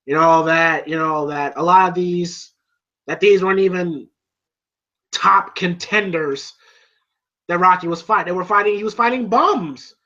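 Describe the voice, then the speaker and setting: A man chatting casually about a film, retelling the scenes with amusement and lots of filler. His voice sits high and sounds bright, heard on a dull, lo-fi recording. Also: measured pace. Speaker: movie reviewer. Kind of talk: casual movie review.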